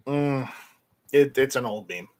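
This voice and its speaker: A man's voice: medium pitch, expressive. A man co-hosting a casual livestream, reading viewer comments aloud and tossing in teasing jokes. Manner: joking, teasing, quick asides. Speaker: co-host reading viewer chat.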